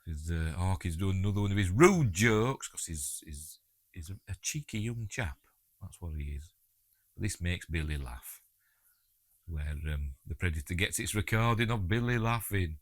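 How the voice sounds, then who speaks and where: A man's voice: low voice, lively intonation, normal speed, no echo, clean studio sound. A man with a Yorkshire accent giving a chatty, jokey audio commentary on a film and talking back to the characters on screen. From England.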